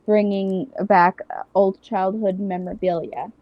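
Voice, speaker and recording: A woman's voice: medium pitch, steady tone, measured pace, lo-fi sound. A woman co-hosting a casual chat podcast, talking hesitantly with many fillers. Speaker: podcast co-host.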